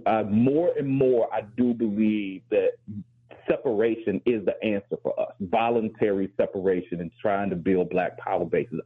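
A man with a low, husky voice talks things through in an earnest, reflective way, often repeating a word as he gets started. His voice comes through a thin, narrow band, like a phone connection. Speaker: professor and show co-host. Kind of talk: casual talk-show discussion.

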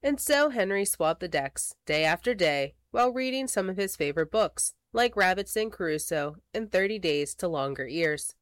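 A woman reading a children's picture book aloud, expressive and slowing for dramatic words. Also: lowish voice, no echo. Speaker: storybook reader.

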